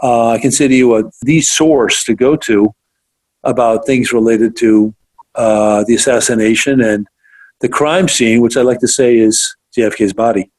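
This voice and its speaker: An enthusiastic man hosts a radio interview show. He talks in an eager, loose way, often backing up to restart a sentence. His pitch sits in an ordinary middle range. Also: steady tone, moderate pace, a little mellow, low-quality recording.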